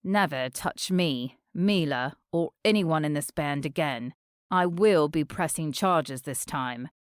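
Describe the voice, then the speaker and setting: A woman voicing a firm, quiet young man. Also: sits low, slow pace, clear, resonant tone, dry recording, studio quality, voice pushed down. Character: young man, a gentle musician, firm when pushed.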